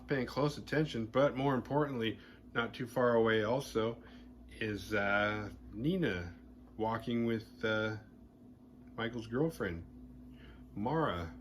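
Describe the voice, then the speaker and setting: A man hosting a horror movie podcast, retelling a film's plot in a casual, animated and playfully crude way. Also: mid-range voice, slight background noise.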